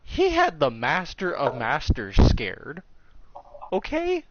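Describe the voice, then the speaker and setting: Guy telling a story slow with lots of swearing, pitch all over, muffled audio. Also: wildly swooping pitch, background noise. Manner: profane, drawling anecdote. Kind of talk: casual storytelling.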